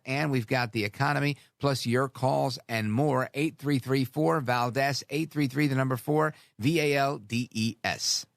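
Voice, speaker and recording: A man's voice: mid-range voice, gravelly, no echo, clean studio sound. A man hosting a talk radio show, delivering a sarcastic, rambling monologue full of asides. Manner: sarcastic, animated, drifts into asides.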